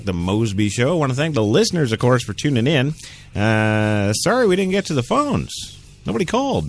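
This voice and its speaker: A man hosting a solo talk radio show, opinionated and sarcastic, talking straight into a studio mic. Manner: opinionated, sarcastic, lively swings in pitch.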